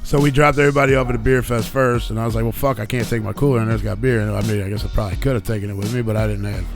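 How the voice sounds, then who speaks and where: A man hosting a live radio show, telling a story in a casual, profane, animated way and getting heated when he quotes himself. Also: lowish voice, rapid-fire, faint music behind.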